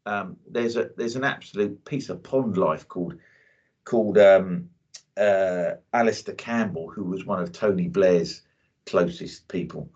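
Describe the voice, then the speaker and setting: Low-voiced guy, blunt casual chat, lots of "you know", muffled lo-fi sound. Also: a little slow, darkish tone. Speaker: co-host. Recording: dull lo-fi audio.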